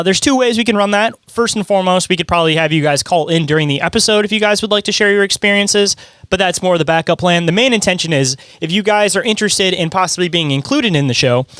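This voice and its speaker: A man's voice: sits high, fairly bright tone, smooth, no echo, clean studio sound. A man co-hosting a podcast in casual chat, loose and chatty, laughing often. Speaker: podcast co-host.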